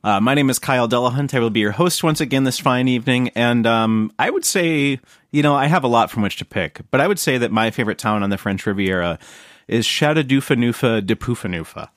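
A man's voice: mid-range voice, a little fast, no echo, clean studio sound. A man hosting a casual podcast chat, joking and laughing often with his friends. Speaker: podcast host.

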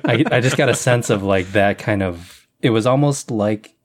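A man on a casual movie podcast giving measured, somewhat hesitant opinions. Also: fairly low pitch. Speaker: podcast co-host. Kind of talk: casual movie-review chat.

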